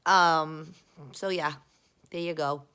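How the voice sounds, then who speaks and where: A woman's voice: sits low, fairly even intonation, takes it slowly, sharp tone, clean tone. A young woman, rambling casually and profanely to her viewers in a self-mocking way. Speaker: vlogger.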